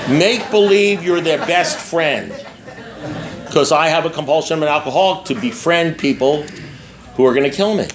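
A man's voice: fairly high pitch, fairly quick, a crowd in the background. An older man speaking candidly to a recovery meeting, blunt and profane, repeating himself and often checking in with his listeners. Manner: blunt, repetitive and profane, with frequent asides to the listeners. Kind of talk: candid personal talk to an audience.

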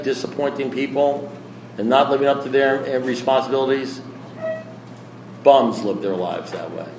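A man sharing his recovery story at a meeting, rambling, repetitive, blunt and self-deprecating. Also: fairly high pitch. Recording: echoey room with faint background noise.

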